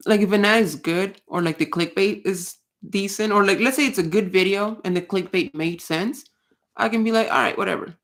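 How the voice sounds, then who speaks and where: A woman's voice: medium pitch, moderate pace. A woman hosting a casual livestream, talking bluntly, swearing often and rambling with restarts. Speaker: livestream host. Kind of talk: casual ranting chat.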